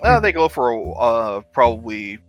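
A man running a tabletop game as game master, describing the scene in halting bursts. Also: mid-range voice, big pitch swings, fairly bright tone, soft background music. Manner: halting, searching for words.

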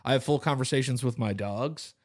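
Profane, joking man co-hosting a podcast. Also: fairly quick. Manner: loose and profane, slips into goofy high voices for impressions. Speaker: podcast co-host. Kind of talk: casual chat.

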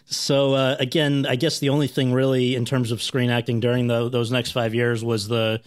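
A man's voice: medium pitch, flat delivery, moderate pace. A man hosting an interview, asking long, searching questions with hesitant fillers. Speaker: interview host.

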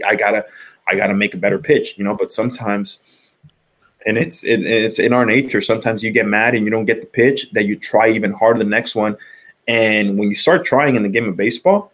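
A middle-aged man, a former pitcher, chatting casually on a podcast, rambling with many restarts and fillers. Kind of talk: casual sports chat.

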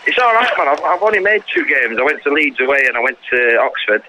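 A man with a southern English accent calling into a podcast, relaxed and hesitant with lots of fillers. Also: medium pitch, fast talker, a faint crowd, poor audio. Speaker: caller. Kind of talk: casual chat.

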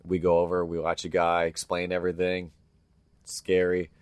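Man, very deep voice, dry close sound, casual rambling storyteller. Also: monotone, normal speed, clear, resonant tone, no room sound. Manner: rambling anecdotal delivery, acts out quoted people. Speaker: podcast co-host.

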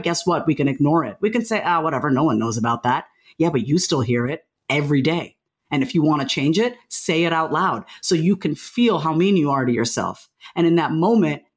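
Emphatic woman. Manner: emphatic, rising high on key points. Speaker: guest. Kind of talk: casual interview talk.

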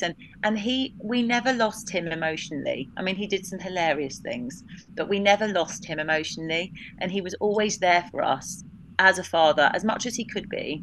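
A woman's voice: on the low side, normal speed, a bit bright, a little hiss or hum. A woman guest telling a personal story of grief and gratitude in a candid, reflective way, quoting what others said to her. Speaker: podcast guest.

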